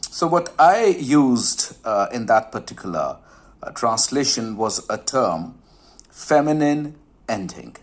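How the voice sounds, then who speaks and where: A man hosting his own channel, explaining a point of poetry in a reflective, hesitant way, with many fillers and restarts, and sometimes dropping to a soft, breathy tone. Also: medium pitch, sing-song, slow. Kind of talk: informal explanatory talk to camera.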